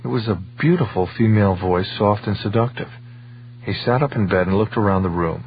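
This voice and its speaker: A man reading an audiobook in measured, even scripted narration. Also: on the low side, highs cut off, a little hiss or hum.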